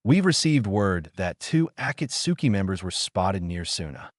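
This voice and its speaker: A man voicing a tired middle-aged village leader who briefs calmly and gravely, in a storybook reading. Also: low voice, normal speed, no room sound, clean studio sound.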